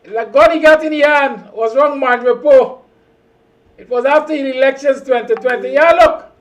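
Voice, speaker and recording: A man hosting a call-in show, speaking loudly as he points viewers to video clips. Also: extremely high pitch, moderate pace. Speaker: host.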